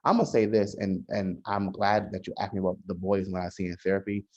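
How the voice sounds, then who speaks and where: A man, a social worker, talking in a casual podcast conversation, measured and often restarting his sentences. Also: low voice, fairly even intonation. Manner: measured, frequent restarts and hesitations. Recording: dull lo-fi sound.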